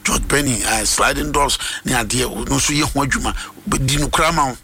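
Gravelly fervent Ghanaian radio host. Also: male voice, mid-range voice, fast talker, sharp tone, a little hiss or hum. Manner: fervent preacher-like delivery, switching between Twi and English. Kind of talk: radio morning prayer segment.

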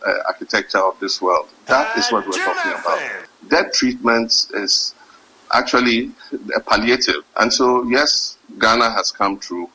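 A man giving a formal speech as a head of state, measured and emphatic, slowing down to stress his points. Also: medium pitch, pushed and bright, breathy edge, poor audio.

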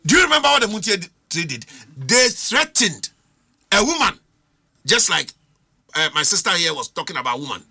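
A man's voice: fairly high pitch, very animated, normal speed, sharp tone, breathy edge. A man with a Ghanaian accent, a political commentator on a studio panel, arguing with rhetorical questions and switching between English and Twi.

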